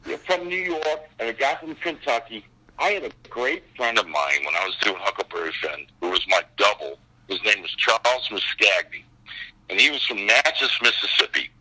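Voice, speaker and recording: A man talking as a guest, telling animated stories and acting out other people's voices. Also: on the low side, normal speed, breathy edge, low-quality recording. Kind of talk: animated anecdotal storytelling.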